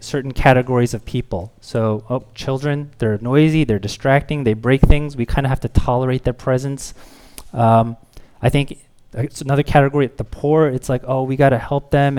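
Male pastor in his thirties, conversational sermon, animated storyteller who mimics children's pleading voices. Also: mid-range voice.

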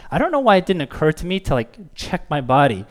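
A man's voice: a little high, big pitch swings, fast. A man in his thirties, a pastor giving a sermon in an easygoing storytelling way, with fillers and chuckles. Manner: casual storytelling with fillers and laughs.

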